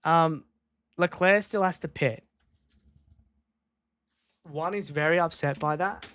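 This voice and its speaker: A man's voice: on the high side, slow, a bit bright. A man streaming a live race watchalong from a home desk microphone, chatting casually and repeating himself as he reacts to each moment.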